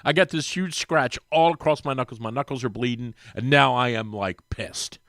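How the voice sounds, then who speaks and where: Animated man telling a story on the radio. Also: moderate pace, dry recording, studio quality. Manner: lively storyteller, acts out quoted voices with big pitch jumps. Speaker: regular radio guest. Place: radio studio. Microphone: studio microphone.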